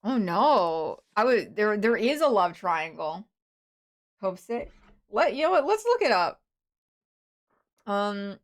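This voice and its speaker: A woman's voice: medium pitch, very animated, slow pace, long pauses. Rambling young woman streaming a game. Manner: rambling, with many fillers and restarts. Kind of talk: casual live-stream chatter while playing.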